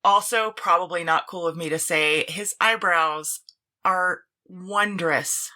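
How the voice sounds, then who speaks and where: A woman's voice: on the low side, slow, pushed and bright. A woman co-hosting a podcast, chatting casually in a playful, self-deprecating way. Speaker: podcast co-host. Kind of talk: casual chat.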